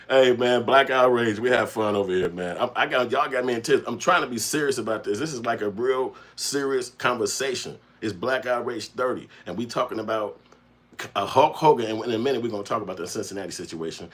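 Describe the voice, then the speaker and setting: Laughing husky-voiced man reading chat aloud. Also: medium pitch. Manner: loud laughing, reads comments aloud, slangy. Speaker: livestream host reading chat. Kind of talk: casual livestream chat.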